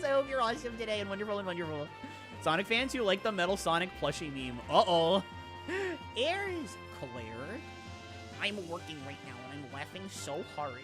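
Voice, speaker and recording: A woman's voice: lowish voice, sing-song, normal speed, over music. A woman streamer giving playful, bubbly live commentary while playing a game.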